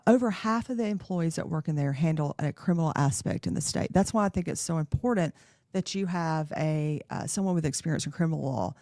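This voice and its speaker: A woman's voice: sits low, a little mellow, no echo, clean studio sound. A woman, a guest earnestly explaining legal offices.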